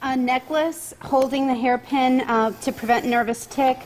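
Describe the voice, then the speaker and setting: A woman taking part in a workshop, haltingly reading out her list of ideas. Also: high voice, steady tone, darkish tone, low-quality recording. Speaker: workshop participant.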